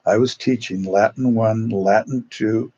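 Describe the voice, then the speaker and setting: An older man, a priest, telling stories in a casual, rambling way, often pausing to search for names and acting out the voices of people he quotes. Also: on the low side, steady tone, a little mellow, slightly rough, muffled recording. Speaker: Salesian priest. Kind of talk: casual storytelling.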